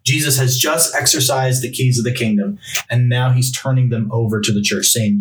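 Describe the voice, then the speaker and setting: A man's voice: mid-range voice, fairly even intonation, moderate pace, slight background noise. A male pastor preaching a sermon, reading Bible passages aloud and driving points home through emphatic repetition. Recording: roomy echo, mic from a distance.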